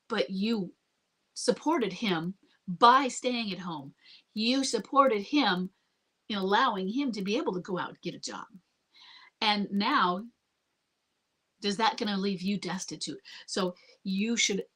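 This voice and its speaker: A middle-aged woman answering questions in a live Q&A as a marriage coach. She talks calmly and earnestly and often repeats herself. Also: mid-range voice. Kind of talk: live Q&A advice.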